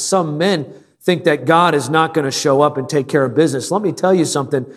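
A man's voice: a little high, a little fast. Earnest man preaching in an echoing sanctuary. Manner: earnest, emphatic preaching with repeated phrases. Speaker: pastor. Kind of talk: sermon. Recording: long reverb of a large room.

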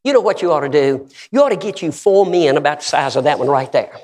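A man preaching a sermon, telling stories with acted-out quotes and rising at times to shouts. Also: a little high, lively intonation, fast talker, big-room sound, a little hiss or hum. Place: church sanctuary.

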